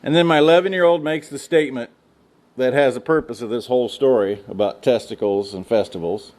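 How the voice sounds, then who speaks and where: A man's voice: medium pitch, fairly quick, a little mellow. A middle-aged man from the United States speaking to students, a folksy storyteller joking about ranch life. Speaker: guest speaker. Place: lecture room.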